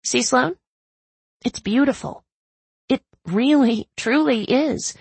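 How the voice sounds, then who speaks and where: A woman voicing a gushing, excitable woman friend. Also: high voice, gravelly, husky, no room sound, pitched above the performer's own voice, heavily acted. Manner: bubbly, fast, pushy enthusiasm.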